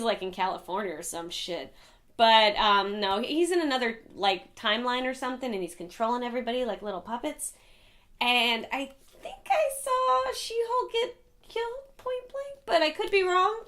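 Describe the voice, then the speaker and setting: Chatty woman reviewing comics, highish voice. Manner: animated, profane, chatty. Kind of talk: casual review vlog.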